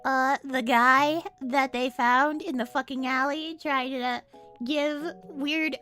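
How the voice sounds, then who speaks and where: A woman's voice: high voice, steady tone, slow, bright, forceful tone, faint music behind. A young adult woman streaming casually as a VTuber, profane and incredulous, laughing often. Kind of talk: casual react stream chat.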